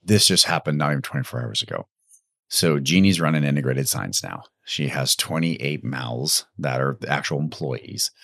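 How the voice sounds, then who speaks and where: A man hosting an interview, telling stories in an animated, conversational way. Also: a bass voice, normal speed, vocal fry, no room sound, clean studio sound. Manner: animated storyteller. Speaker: podcast host, interviewer.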